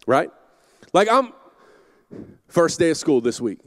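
Campus pastor, man, middle-aged; high voice, lively swinging delivery, shouts in his stories. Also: normal speed, pauses often, no echo. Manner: animated storytelling with shouted asides. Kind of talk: sermon. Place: church auditorium.

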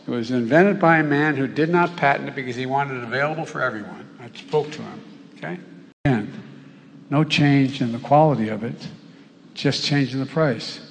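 A man's voice: medium pitch, moderate pace, vocal fry. A man giving a rambling campaign speech, often stopping and restarting his sentences. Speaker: politician. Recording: roomy hall with faint noise.

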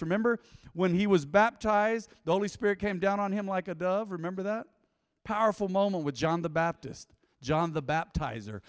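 A man preaching a sermon to a congregation, calling for responses and swinging between loud and quiet. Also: high-pitched, fairly quick, smooth, dry recording, studio quality. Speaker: pastor. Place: church with live congregation.

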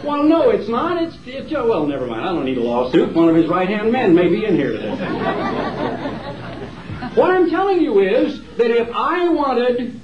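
A male evangelist preaching a campaign sermon with emphatic, dramatic pauses, recorded live in a large hall. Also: high-pitched, sing-song, crowd noise. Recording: roomy hall, distant dull mic.

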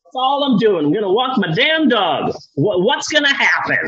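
A man's voice: high voice, sing-song, normal speed, fairly bright tone, breathy edge, lo-fi sound, full character voice. A man voicing a careless, rebellious young puppet king in a comedy story, with a casual, swearing, exasperated delivery. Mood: indignant.

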